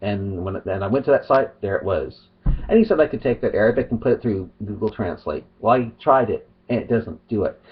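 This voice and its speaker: Middle-aged man, husky lo-fi vlog. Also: fairly low pitch, lively intonation, brisk. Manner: rambling, restarts and trails off. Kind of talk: casual vlog monologue. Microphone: webcam or phone.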